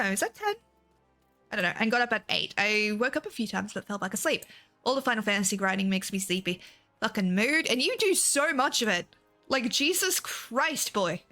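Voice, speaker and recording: A woman's voice: on the high side, big pitch swings, moderate pace, long pauses, bright, forceful tone, faint music behind. A young woman chatting casually on a game stream, swearing freely and laughing often. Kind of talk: casual gameplay stream chat.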